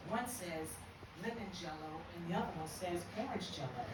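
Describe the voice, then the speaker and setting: A woman's voice: on the low side, lively intonation, normal speed. An older American woman doing a brash, profane stand-up comedy set at a live venue. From United States. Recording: echoey room, far from the mic, noisy.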